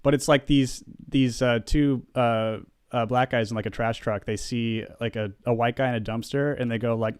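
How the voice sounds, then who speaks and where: A man's voice: medium pitch, steady tone, moderate pace, few pauses, a little mellow, clean tone, dry recording, clean studio sound. A young man co-hosting a podcast, talking casually in a sarcastic, joking, rambling way. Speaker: podcast co-host. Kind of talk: casual chat.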